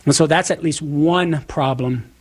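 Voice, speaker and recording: Southern guy on the radio explaining things step by step, kinda husky voice. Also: a little high, measured pace. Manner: methodical, lecturing explanation. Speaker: apologist guest.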